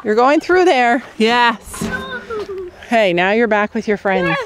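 A woman's voice: fairly high pitch, takes it slowly. A woman hosting a farm vlog, chatting playfully with children outdoors and laughing often. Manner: lively, playful, laughs often, explains things simply. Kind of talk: casual chat with children. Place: outdoors on a farm among animals. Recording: outdoor farm recording with noise.

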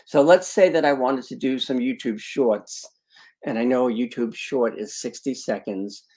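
A man's voice: mid-range voice, a little slow, warm tone. A man teaching a live online training webinar, talking through a screen-share demo with punchy emphasis on key words and chatty asides to attendees. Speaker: online video marketing trainer.

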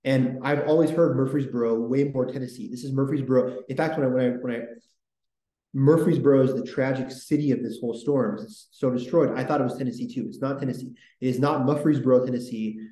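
A man's voice: mid-range voice, fast, dark tone, echoey room, low-quality recording. A man hosting a casual history podcast, talking in a rambling, enthusiastic way with lots of fillers. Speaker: podcast host.

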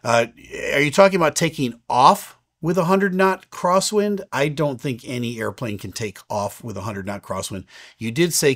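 A man in his fifties, an airline captain, answers viewer questions in a relaxed, explanatory chat with frequent fillers. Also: mid-range voice, moderate pace.

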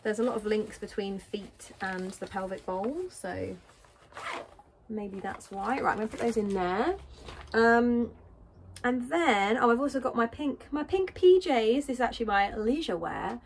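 A woman's voice: on the high side, a little slow, a little hiss or hum. A British woman vlogging in a casual, rambling way, thinking aloud as she packs. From Britain. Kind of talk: casual chat while packing.

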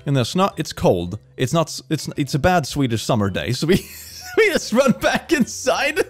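A young man giving a jokey, excitable reaction commentary, often gasping and laughing. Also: a little high, moderate pace, faint music behind. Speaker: reaction video host.

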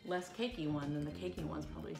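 A woman with a fairly low voice hosts a casual food review, chatting and joking as she goes. The room echoes a lot, and music plays behind her. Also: fairly even intonation, fast, creaky. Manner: chatty, joking, self-deprecating.

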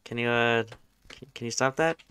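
A man's voice: medium pitch, moderate pace, a bit bright, smooth, no room sound. A young man giving nervous, swearing commentary while playing a horror game. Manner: jumpy, swearing, nervous chatter. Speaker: gaming YouTuber.

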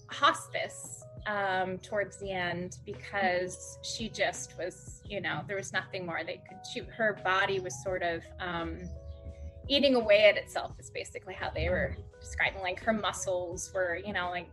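A woman podcast guest telling a personal story in a halting way, with many fillers, close to tears. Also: medium pitch, fairly bright tone. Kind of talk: emotional conversational storytelling.

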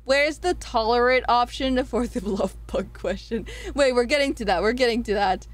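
Giggly, excitable woman streamer. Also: moderate pace. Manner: giggly, excitable, swears freely, jumps between high squeals and low mutters. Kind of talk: casual livestream chat, reading poll results.

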